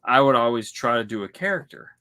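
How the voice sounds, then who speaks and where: A man's voice: medium pitch, expressive, fast, sharp tone. A man co-hosting a podcast in casual, rambling chat, often acting out little quotes in voices. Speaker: podcast co-host.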